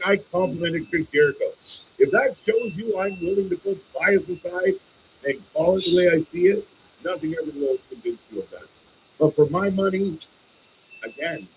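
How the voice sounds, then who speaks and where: A man hosting a live stream and reviewing a wrestling show, casual, opinionated and profane, with bursts of excited ranting. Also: lo-fi sound, a little hiss or hum. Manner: animated, swings up into high excited bursts while ranting.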